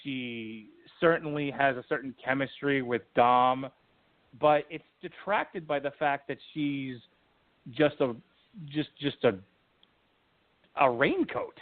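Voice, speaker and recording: A man co-hosting a casual movie-review podcast, talking in an animated, rambling way with frequent restarts. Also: mid-range voice, slow pace. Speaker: podcast co-host, film reviewer. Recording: tinny phone-like line.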